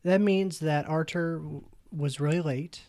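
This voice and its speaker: A man with a slightly higher voice hosting a podcast. He speaks hesitantly, filling his talk with ums and restarts. He is recording in a home basement studio. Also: unhurried, a little mellow. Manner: hesitant, filler-heavy explainer. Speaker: podcast host. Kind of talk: casual chat.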